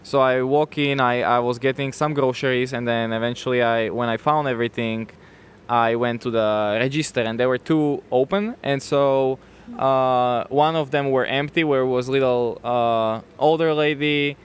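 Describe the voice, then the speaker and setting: A man with a foreign accent telling a casual story as a guest, halting, with non-native grammar and restarts. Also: medium pitch, fairly even intonation, clear, resonant tone. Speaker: guest telling how he met his partner.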